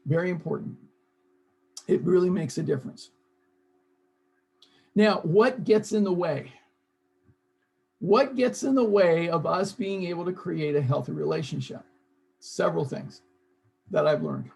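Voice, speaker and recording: A man's voice: fairly high pitch, a little slow, creaky, long pauses, darkish tone, husky. A man leading an online seminar, coaxing his audience to join in. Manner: coaxing, urges audience to participate. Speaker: seminar leader.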